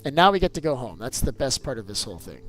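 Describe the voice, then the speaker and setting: A man hosting a casual gameplay video, animated and teasing, who keeps calling his child "bud" and breaks into loud bursts of excitement. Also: mid-range voice, quick pace, soft background music. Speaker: gaming channel host and father.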